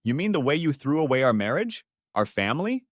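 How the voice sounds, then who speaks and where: A man's voice: mid-range voice, sing-song, brisk, no echo, studio quality, pitched above the performer's own voice. Man playing a cold, betrayed husband. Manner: caustic, commanding. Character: betrayed husband, cold and controlled, flaring angry.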